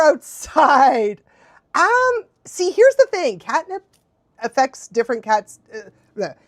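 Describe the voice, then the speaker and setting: Woman, dog-trainer streamer, casual chat, a little high, very lively, laughs a lot, dry close mic. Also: dry recording. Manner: animated, laughs often, acts out quotes in high voices. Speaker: dog trainer and livestream host.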